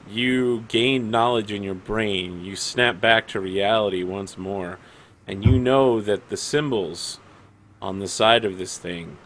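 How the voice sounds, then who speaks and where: A man runs a tabletop game, narrating in a low voice at an unhurried pace. He builds scenes dramatically and deliberately. A faint hum of noise sits behind him. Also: a bit bright, low-quality recording. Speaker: game master.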